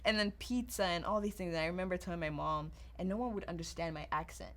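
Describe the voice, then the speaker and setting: A young woman from Nigeria, now speaking, hosting a casual chat and telling lively stories in which she acts out quoted voices. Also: on the low side, fast talker. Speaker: podcast host.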